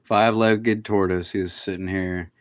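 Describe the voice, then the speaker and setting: A man's voice: deep voice, flat delivery, measured pace, no room sound. A man hosting a casual livestream from his backyard at night on a phone, rambling and talking to his pets. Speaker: livestream host.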